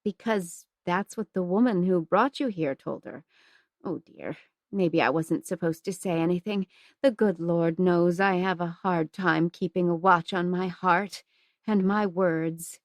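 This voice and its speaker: A woman voicing a stern, flustered young nun who scolds in a shrill voice, read as an audiobook. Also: unhurried, dry recording, clean studio sound. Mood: apologetic. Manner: scolding, shrill when cross.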